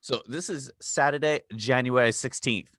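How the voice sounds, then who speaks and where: A cheery globetrotter, as a podcast host puts him on, calls everyone mate and chatters about flights. He sits well above the host's own low voice and comes across louder and bright. The sound is dry and close. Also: moderate pace, no room sound, natural voice. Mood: chummy. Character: cheery globetrotting male travel guide.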